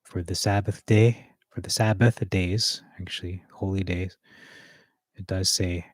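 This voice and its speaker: A man with a deep, low voice rehearses a sermon, reading verses aloud between hesitant fillers and self-corrections. The sound is dry and close, with no room echo. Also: steady tone, measured pace. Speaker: preacher.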